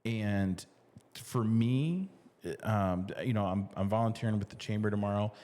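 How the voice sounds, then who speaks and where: A middle-aged man co-hosts a casual talk show podcast, chatting in loose restarts with plenty of fillers and easy laughter. His voice is lowish and darkish, his pace a little slow, and the sound carries the echo of a large hall.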